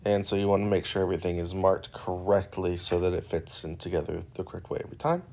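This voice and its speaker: A man narrating a woodworking build in a relaxed, rambling voice-over, joking and poking fun at himself. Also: low-pitched, creaky, slight background noise. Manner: joking and self-deprecating; relaxed and rambling with filler words. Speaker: woodworking channel host.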